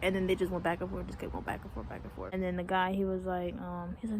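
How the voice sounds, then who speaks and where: A woman's voice: on the low side, fast talker, hardly any pauses, a little hiss or hum. Young woman vlogger telling a story. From Connecticut, USA. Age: young adult. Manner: animated storytelling, acts out quotes, laughs often, swears casually. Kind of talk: casual storytime chat.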